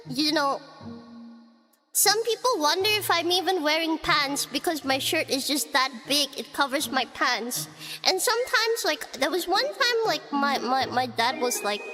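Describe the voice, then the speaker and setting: A young woman streamer telling a story in casual chat, animated and giggly with lots of filler likes. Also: sits high. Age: young adult. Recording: background music under voice.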